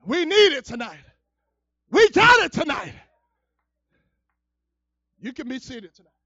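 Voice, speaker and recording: A male evangelist preaching in church, his voice very high and sharp with a bright edge. He drops to near-murmurs and then climbs into fervent shouting. The recording is dry and dull, with a lo-fi feel. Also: big pitch swings, a little slow, creaky, no room sound. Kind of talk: fiery preaching. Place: church service.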